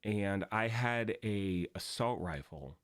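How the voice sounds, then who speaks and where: A man hosting a gaming live stream in upbeat, casual chat, his voice raspy from the early morning. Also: on the low side, expressive, slow, dry recording, studio quality. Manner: upbeat and chatty, greeting viewers.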